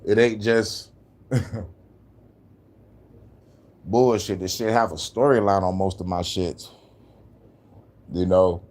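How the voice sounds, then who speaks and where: Deep-voiced man in loose slangy chat. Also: fairly even intonation, slow, pauses often, darkish tone. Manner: loose, slangy, rambling talk. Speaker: musician vlogger. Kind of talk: casual commentary.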